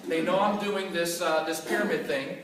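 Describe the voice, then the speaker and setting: Man giving a pep talk at a business seminar, high bright voice, big echoey room, far off mic. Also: moderate pace. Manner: animated storytelling, emphatic repetition. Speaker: motivational business trainer. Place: large echoey room with live audience. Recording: echoey room from afar, faint noise.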